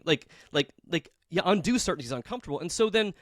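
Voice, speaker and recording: A man's voice: fairly high pitch, animated, fast talker, fairly bright tone, dry recording, studio quality. A man from Atlanta hosting a podcast interview, joking and teasing his guest in casual chat. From Atlanta, Georgia. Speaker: podcast host.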